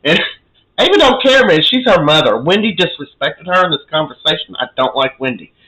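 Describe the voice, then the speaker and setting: A man's voice: a little high, very animated, brisk, pushed and bright, rough recording. A man giving a casual, chatty recap of a soap opera episode, opinionated and full of fillers.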